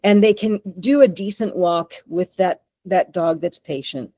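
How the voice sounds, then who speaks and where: A woman dog trainer runs a webinar in an animated teaching voice. Her voice sits low for a woman and sounds dry, with no room around it. She keeps checking in with her listeners as she explains. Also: a little slow, no echo. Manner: animated, often checks in with "okay?" and "right?". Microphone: remote call microphone.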